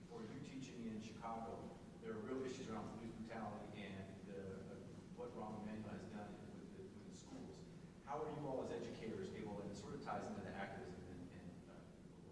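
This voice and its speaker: A man's voice: lowish voice, very noisy. A man in the audience asking a long question, rambling and restarting. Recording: far-off mic in echoey hall.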